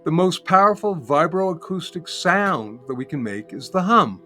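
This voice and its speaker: A calm older man gently walks the listener through a humming exercise, repeating each step and humming notes to show how it's done. His voice sits a little high for a man, and soft music plays faintly behind him. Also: a little slow. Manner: calm, patient, repeats steps and demonstrates by humming. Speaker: sound healing teacher, guest. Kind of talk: guided instruction in an interview.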